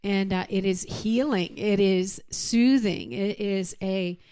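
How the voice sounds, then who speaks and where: A woman with a mid-range voice speaks in a gentle, reflective way. She co-hosts a church talk and affirms her partner as she shares her own thoughts. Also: medium pitch, slow, smooth. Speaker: co-host. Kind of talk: casual chat about faith.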